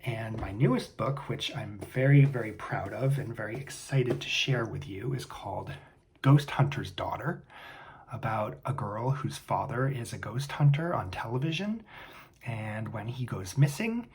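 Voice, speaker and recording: A man, a children's book author, casually introducing himself and his books in a relaxed way. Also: fairly low pitch, measured pace, breathy edge. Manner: relaxed, with ums and uhs.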